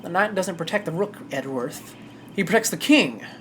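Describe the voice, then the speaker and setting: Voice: medium pitch, lively intonation, moderate pace, a bit bright, slight background noise, close to an everyday voice. A streamer voicing a blunt, proud male bodyguard with a put-on Southern US accent while reading a game aloud. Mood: gruff.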